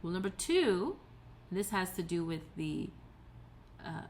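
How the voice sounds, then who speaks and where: A woman's voice: on the low side, sing-song, a little slow, darkish tone, slight background noise. A woman giving a recorded tutorial lecture, explaining patiently step by step with occasional fillers and self-corrections. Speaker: teacher.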